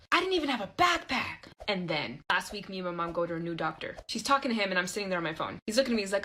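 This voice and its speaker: A woman in her early twenties telling personal stories in a chatty, expressive way, with quick asides to her viewers. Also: mid-range voice, slight background noise, rough recording. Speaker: storyteller. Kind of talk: casual storytime narration.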